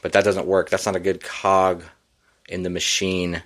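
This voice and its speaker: Guy with a lowish voice doing an unscripted headline rant, swears a lot, sarcastic. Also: little pitch movement, moderate pace, a bit bright. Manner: sarcastic, profane, rambling. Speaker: podcast host.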